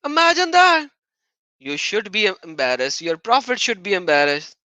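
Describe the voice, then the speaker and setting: A man's voice: high voice, wildly swooping pitch, moderate pace, bright, forceful tone, no room sound, low-quality recording. A man hosting a live-stream debate chat, taunting and sarcastic, often laughing mockingly. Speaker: livestream host.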